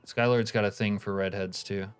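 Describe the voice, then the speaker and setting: A man's voice: lowish voice, steady tone, moderate pace, smooth, soft background music. A man live-streaming a game, chatting casually, reading viewer comments aloud and swearing offhand. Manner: laid-back, profane, reads chat aloud.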